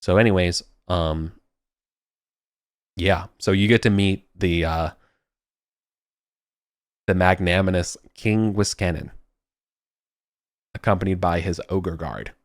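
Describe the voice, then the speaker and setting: Low-voiced guy running a tabletop game, dry close sound, lots of um and like. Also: takes it slowly, long pauses, no echo. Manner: rambling, many fillers and restarts. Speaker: game master.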